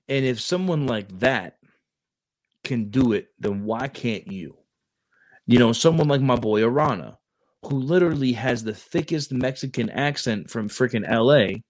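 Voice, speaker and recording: A man's voice: medium pitch, no echo. A man talks in a loose, rambling way, stumbling over restarts and repeated words. He is a Marine recruiter chatting on a casual podcast, recorded close and dry with no room sound. His voice sits in an ordinary middle register. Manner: rambling, with many restarts and stammers.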